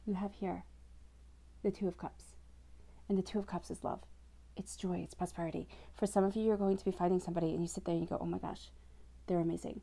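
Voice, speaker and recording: This woman's voice is on the low side, creaky and mellow, with fairly even intonation and a quick pace. She delivers an unscripted tarot reading to camera, addressing the listener directly, reassuringly, and fluidly.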